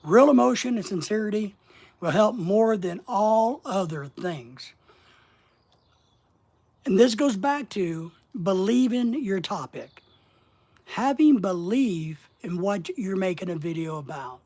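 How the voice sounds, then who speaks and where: A middle-aged man coaching about social media in a folksy, deliberate way, asking his listeners question after question and pausing often. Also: sits high, lively intonation, a little mellow. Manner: folksy, asks the audience rhetorical questions, slow deliberate pauses. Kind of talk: motivational instructional monologue.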